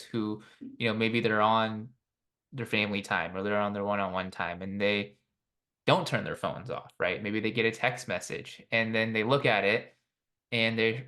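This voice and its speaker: A low-voiced man hosts a podcast interview. He reflects earnestly on what his guest says and often ends a point with a quick "right?" before asking his next question. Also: a bit bright. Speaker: podcast host.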